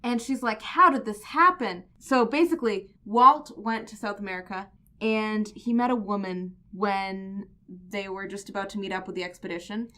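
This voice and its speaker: A woman's voice: mid-range voice, steady tone, normal speed, bright, forceful tone. A woman co-hosting a podcast, recapping comics in casual chat with a wry, teasing manner and playful asides. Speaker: podcast co-host.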